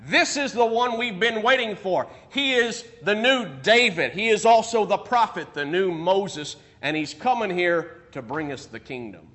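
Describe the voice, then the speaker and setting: A man with a high, bright voice leads a Bible class. He talks in an animated way, acting out the speech he quotes, and thinks aloud with restarts as he checks his notes. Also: unhurried, hardly any pauses. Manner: animated, acts out quoted speech with rising emphasis. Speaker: Bible teacher.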